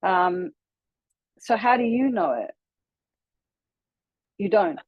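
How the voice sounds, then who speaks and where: An Australian woman, a Buddhist nun, leads a class in a relaxed, chatty way and laughs easily. She sounds out mantras slowly, syllable by syllable, in a mid-pitched voice. The recording is close and dry, with no room sound. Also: husky, dry recording, highs cut off. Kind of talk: teaching a meditation class.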